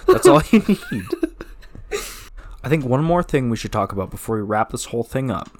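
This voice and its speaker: Male podcast co-host with a lively, swooping delivery, casual and profane. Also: medium pitch, fast talker. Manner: animated, with cartoonish sound effects and cursing. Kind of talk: casual chat.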